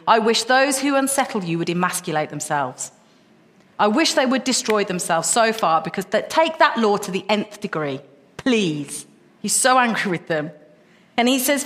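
A woman's voice: a little high, fairly bright tone. A woman preaching a sermon, passionate and emphatic, her voice rising into repeated questions. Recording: long reverb of a hall.

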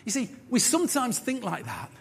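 A man preaching a sermon as pastor, animated, acting out voices, with jokey asides. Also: extremely high pitch, brisk, gravelly, slightly rough. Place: church. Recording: church hall with long reverb.

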